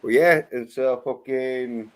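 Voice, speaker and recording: A man's voice: medium pitch, fairly even intonation, takes it slowly. Rambling Scottish man who swears freely. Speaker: panel guest. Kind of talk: casual chat.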